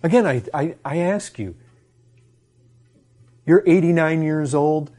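A man's voice: fairly high pitch, slow pace, mellow. A man preaching a sermon to his congregation, impassioned and full of rhetorical questions.

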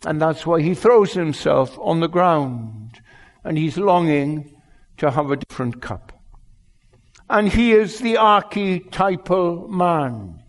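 A male pastor preaching a sermon in an earnest, unhurried way, his loudness rising and falling. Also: on the high side, lively intonation. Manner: slow, earnest preaching with wide swings in loudness. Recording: long hall reverb.

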